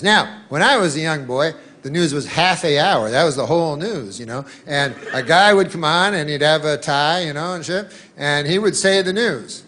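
Deadpan man telling a rambling stand-up bit. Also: a little high, slight background noise. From Canada. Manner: rambling, deadpan, puts on voices for newsmen. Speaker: stand-up comedian.

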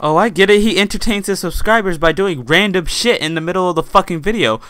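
A man's voice: high voice, quick pace, music in the background. A man delivering a profane comedic roast rant, swearing constantly with mock outrage. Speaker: YouTube roast host.

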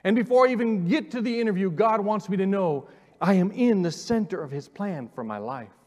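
A pastor in his forties preaches a sermon built around his personal testimony, earnestly repeating words and inviting the congregation forward. His high-pitched, expressive voice is a little fast with a darkish tone, and the church sanctuary adds a long reverb.

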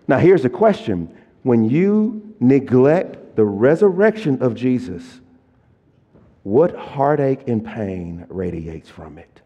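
A middle-aged man, a pastor preaching a sermon and swinging between quiet, low passages and loud, emphatic lists. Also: sing-song, slow pace, highs cut off. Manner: preaching with rising and falling intensity, stressing word lists. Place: church sanctuary. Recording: long church hall reverb.

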